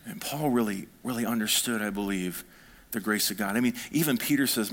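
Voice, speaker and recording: Man preaching a lively sermon. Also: lowish voice, brisk. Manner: animated preaching, swinging between soft and fired-up. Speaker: pastor.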